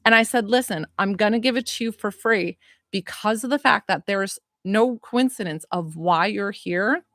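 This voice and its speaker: A woman hosting a psychic livestream, chatting casually and excitedly, rambling and greeting viewers by name while still catching her breath. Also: mid-range voice, normal speed, no echo, clean studio sound. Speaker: psychic medium livestream host.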